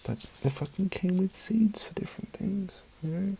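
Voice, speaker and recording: A man's voice: high-pitched, moderate pace, vocal fry, warm tone, whispered, poor audio. A man vlogging in casual chat, rambling and emotional, swearing often.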